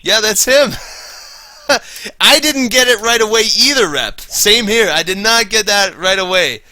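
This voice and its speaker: A man's voice: sits high, expressive, measured pace, sharp tone, no echo. A slightly tipsy man chatting casually while streaming a game, rambling, swearing and laughing. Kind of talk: casual chat while gaming.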